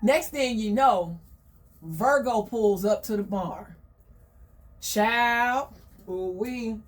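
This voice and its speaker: A woman telling a story in a chatty, slangy, gossipy way, full of animated asides. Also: medium pitch, extremely slow, far from the mic.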